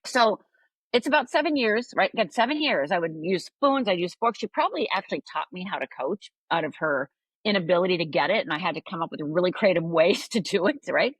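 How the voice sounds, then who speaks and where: Woman, husky voice, dry close sound, animated storytelling, podcast guest. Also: on the low side, a little fast, no echo. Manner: animated storytelling, often adds "right?". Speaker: life coach guest. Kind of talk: conversational podcast interview.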